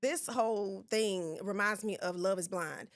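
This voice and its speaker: A young woman co-hosts a podcast in a loose, casual chat. She calls herself a goofball and jokes around, slipping into quoted lines as she tells stories. Her voice sits in an ordinary middle pitch. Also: measured pace. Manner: playful, self-described goofball, acts out quotes. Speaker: podcast co-host.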